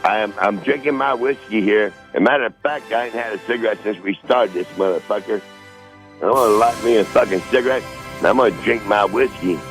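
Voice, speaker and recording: A man's voice: on the low side, a little fast, soft background music, low-quality recording. A middle-aged man hosting a podcast, rambling profanely through his notes in a casual monologue. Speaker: podcast host. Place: Northern Michigan home.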